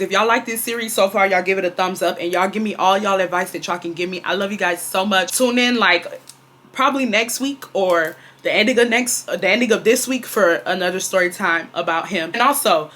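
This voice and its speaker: Speaking fairly quickly with a somewhat bright, medium-pitched tone, a young Houston vlogger in her 20s delivers a casual storytime monologue. She's emphatic, says things more than once, and talks right to her audience.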